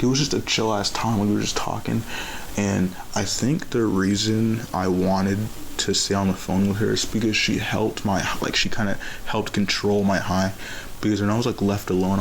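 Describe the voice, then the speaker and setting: A man's voice: sits low, gravelly, noisy background. A young man telling a casual story-time tale, rambling and profane with lots of fillers and restarts. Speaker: vlogger.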